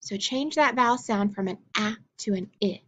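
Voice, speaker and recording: A woman teaching a phonics lesson to young children, enunciating each sound clearly and praising often. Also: medium pitch, moderate pace, a bit bright.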